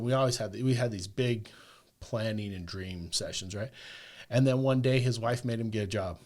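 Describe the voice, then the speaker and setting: A man appears as a podcast guest, casually rambling through a long personal story and scattering "like" and "right?" throughout. His voice is mid-range and darkish, and he talks briskly.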